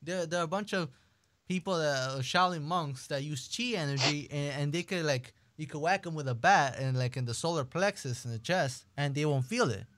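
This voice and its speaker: A man hosting an interview, asking soft, hesitant questions in a casual way. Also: fairly high pitch, moderate pace. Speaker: show host.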